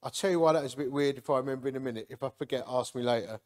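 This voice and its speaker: A man, giving a lively, jokey personal testimony to a men's gathering and acting out the people in it. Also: medium pitch, very fast. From Hornchurch, England. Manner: lively, jokey, acts out quotes.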